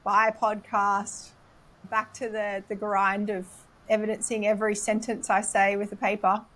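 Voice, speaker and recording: A woman hosting a podcast interview, talking in a friendly, relaxed and informal way. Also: mid-range voice, moderate pace. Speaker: podcast host, nursing student. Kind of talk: casual interview chat.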